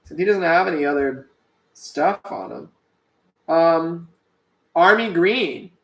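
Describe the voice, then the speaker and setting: A man's voice: on the high side, slow, roomy sound. A man streaming while drawing, chatting casually and playfully with his viewers and co-host. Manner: chatty, playful, talks to chat. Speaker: streamer and artist.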